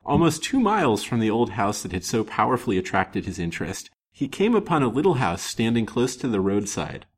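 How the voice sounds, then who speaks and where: A male storyteller reads an old novel aloud. His voice is low and husky, and it moves expressively through the sentences in an old-fashioned way. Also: very animated, brisk, hardly any pauses. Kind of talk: storybook narration.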